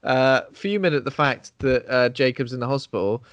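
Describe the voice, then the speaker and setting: A man co-hosting a casual film discussion, jokey and animated, acting out characters' lines. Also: mid-range voice, moderate pace, no echo. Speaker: podcast co-host.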